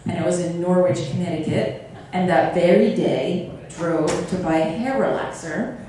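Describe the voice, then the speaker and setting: A woman from Rhode Island, a panel guest, telling a funny story quickly and with self-deprecating laughs. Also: fairly low pitch, a crowd in the background. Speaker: panel guest, former toy company worker. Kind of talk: casual anecdote telling. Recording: distant, echoey, with background noise.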